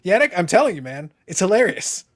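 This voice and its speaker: Canadian male host, slightly high voice, animated and jokey, casual chat. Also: fairly quick. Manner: animated, jokey, talks over others. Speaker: podcast host.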